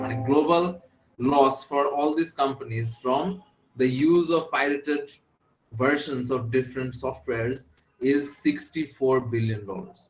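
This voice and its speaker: A man's voice: medium pitch, reverberant, a little hiss or hum, rough recording. A man with a Bangladeshi accent teaching a class, switching between English and Bengali and often checking that his students follow. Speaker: university lecturer. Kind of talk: classroom lecture.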